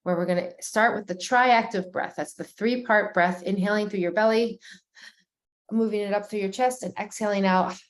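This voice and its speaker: A woman guiding a breathwork session, talking slowly and gently, pausing and restarting as she goes. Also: mid-range voice, steady tone. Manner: slow, gentle and soothing, with pauses and restarts. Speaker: breathwork guide.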